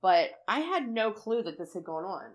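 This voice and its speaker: A woman's voice: medium pitch, normal speed. A woman in casual chat, telling a story with lots of feeling, acting out what she said and cursing freely. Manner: animated storytelling, acts out her own quotes, swears freely.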